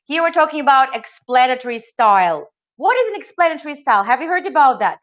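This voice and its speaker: High-voiced woman leading a webinar. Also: fast talker. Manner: lively, engaging, asks the audience questions. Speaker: webinar trainer. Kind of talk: online training webinar. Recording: slightly dull lo-fi audio.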